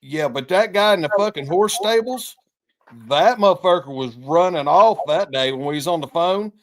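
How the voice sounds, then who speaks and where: A man's voice: high-pitched, normal speed. A man co-hosting a podcast in casual chat, rambling and profane as he tells stories. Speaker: podcast co-host.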